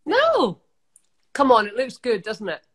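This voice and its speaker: A woman with dry, teasing wit co-hosts a casual makeup chat. Her voice is on the higher side and moves through a wide pitch range. She chips in with quick quips. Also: huge pitch swings, rough recording. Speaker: co-host. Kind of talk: casual banter.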